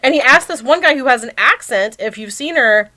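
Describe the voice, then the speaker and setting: A woman's voice: high voice, animated, fairly quick, pushed and bright. A woman co-hosting a podcast, retelling a movie plot in a chatty, joking way, peppered with "like" and acted-out quotes. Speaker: podcast co-host. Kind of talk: casual movie recap chat.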